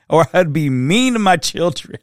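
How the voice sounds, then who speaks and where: A middle-aged man hosting a reflective solo podcast, talking earnestly in a storytelling way that turns soft-spoken at times. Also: a little high, no room sound, clean studio sound. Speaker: podcast host.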